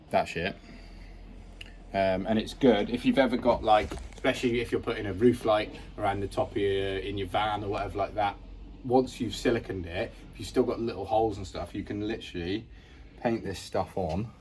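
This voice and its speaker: There's slight background noise as a man with a fairly low, darkish voice gives a casual build vlog. Standing inside his bus conversion, this British speaker rambles on plainly and makes fun of himself.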